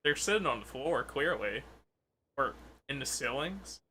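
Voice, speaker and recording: A man's voice: medium pitch, big pitch swings, unhurried, noisy background. A man hosting a gaming channel, chatting through gameplay with wry jokes about the characters. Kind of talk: casual gameplay commentary.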